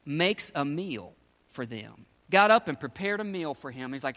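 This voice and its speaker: Bright-voiced preacher in a reverberant hall. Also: male voice, a little high, very animated, normal speed. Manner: casual storytelling, slangy paraphrase of scripture. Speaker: pastor. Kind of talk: sermon.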